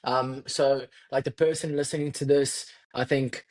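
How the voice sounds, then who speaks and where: A man's voice: mid-range voice, little pitch movement, normal speed. A young man co-hosting a podcast, talking casually and earnestly, reflecting and speaking straight to listeners. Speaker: podcast co-host. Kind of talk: casual chat.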